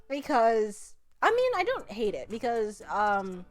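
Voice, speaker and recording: Young woman host, kinda high voice, jokey and excitable, casual song review vlog. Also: slow, faint music behind. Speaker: host reviewing musical songs.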